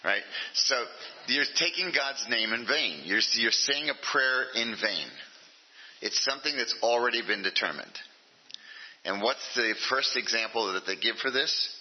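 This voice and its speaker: A man's voice: mid-range voice, lively intonation, measured pace, muffled recording. An older man, a rabbi, giving an informal lecture to an adult class, talking conversationally and checking in with his listeners often. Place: meeting room with a class.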